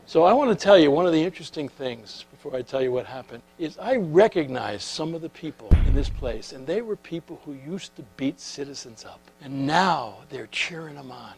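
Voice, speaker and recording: Man, middle-aged, slightly high voice, lively storytelling lecturer. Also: moderate pace, few pauses, slight background noise. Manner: animated anecdotes, swings from loud to hushed. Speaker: speaker on leadership.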